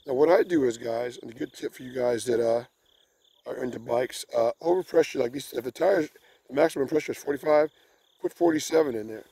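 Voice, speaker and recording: A man's voice: medium pitch, a little fast, mellow, no room sound. A man giving a casual, rambling review to camera, full of fillers and repeated words, recorded outdoors. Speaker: e-bike reviewer.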